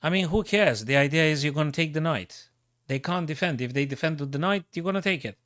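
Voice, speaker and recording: Excitable man calling chess moves live. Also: on the high side, fast talker, no room sound, clean studio sound. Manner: thinking aloud, excitable, repeats himself. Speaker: chess streamer.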